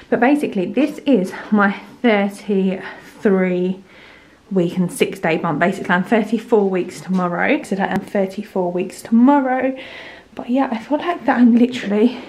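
A woman's voice: mid-range voice, a little mellow. Chatty young woman vlogging at home. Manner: chatty, rambling, many fillers like "like" and "so yeah". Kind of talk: casual pregnancy update vlog.

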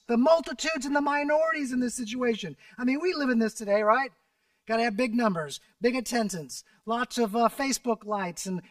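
A man preaching a sermon as pastor, animated and dramatic, rising to shouts and dropping to near whispers as he retells a story. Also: very high-pitched, dry recording, recorded from a distance. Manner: animated, acts out scripture voices, drops to a near whisper at times.

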